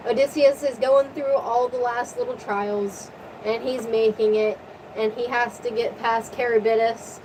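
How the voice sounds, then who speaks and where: A woman retelling a story in a casual, profane, animated rant, her voice tiring from long talking. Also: fairly high pitch, a little hiss or hum, rough recording. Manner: animated, profane, rapid recap. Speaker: vlogger.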